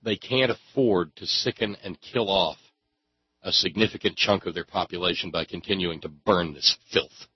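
A man's voice: low voice, moderate pace, husky, no room sound, muffled recording. A man ranting in sarcastic, angry commentary and swearing freely. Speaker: political commentator.

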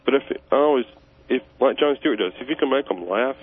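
A man's voice: medium pitch, expressive, fast talker. A man calling in to a radio show, explaining his point earnestly. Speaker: caller. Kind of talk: phone-in call. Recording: tinny phone line with faint hiss.

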